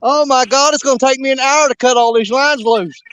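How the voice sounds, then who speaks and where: A man hosting a fishing show outdoors, talking in an excited, breathless, rambling way. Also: very high-pitched, a little fast, clean tone, no echo. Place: outdoors by a river.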